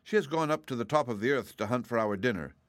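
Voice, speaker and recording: A man voicing a proud, hungry young dragonette in an audiobook, speaking in a rasping, formal drawl. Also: mid-range voice, animated, fast, no echo, voice pushed up, close to an everyday voice. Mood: haughty. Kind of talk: audiobook reading.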